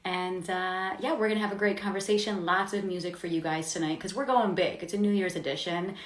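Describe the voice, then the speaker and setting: A woman's voice: fairly low pitch, steady tone, brisk, echoey room. A woman hosting a live-streamed interview show, upbeat and chatty, laughing often. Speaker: host.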